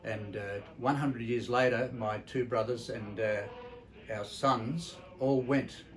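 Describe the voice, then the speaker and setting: A man's voice: mid-range voice, steady tone, slow, poor audio. An older Australian man giving a memorial tribute, telling family stories in a blunt, salty, reflective way with frequent hesitations. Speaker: entertainer presenting a memorial tribute.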